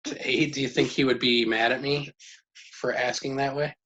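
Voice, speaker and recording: A man's voice: mid-range voice, fairly even intonation, normal speed, pushed and bright. A man leading a casual life-skills lesson at home with his children, asking questions and praising their answers. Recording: dull lo-fi sound with faint noise.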